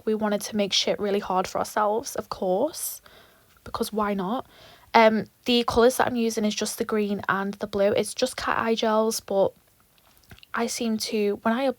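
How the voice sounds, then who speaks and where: A young woman talking through a nail tutorial in an animated, rambling way, with lots of swearing and asides. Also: medium pitch, measured pace, no room sound. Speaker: nail tech vlogger. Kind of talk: chatty tutorial vlog.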